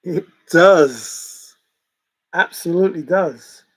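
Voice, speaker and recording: Guy on a stream rambling over chat, chuckly, kinda raspy, talks slow. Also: on the high side, fairly bright tone, rough recording. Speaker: livestream host reading chat. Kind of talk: casual chat.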